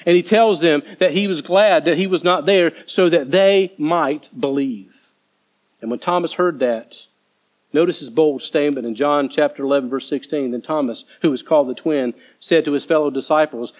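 Man, fairly high voice, preaching in a relaxed, conversational way; slips into acted-out voices. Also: normal speed, low-quality recording. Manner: conversational, acts out disciples' voices. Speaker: pastor. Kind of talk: sermon.

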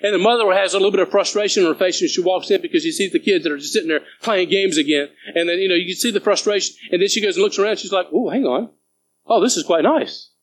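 A man's voice: sits high, racing, few pauses, fairly bright tone, poor audio. A man preaching a sermon to his church as pastor, earnest and urging, reading scripture aloud between stories.

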